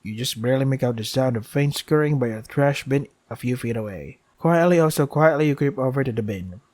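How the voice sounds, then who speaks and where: A man playing through a visual novel, reading its text aloud and muttering dry, sarcastic asides between lines, often with a sigh. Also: a little fast. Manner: sighs often, asides drop soft and low. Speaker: let's play gamer.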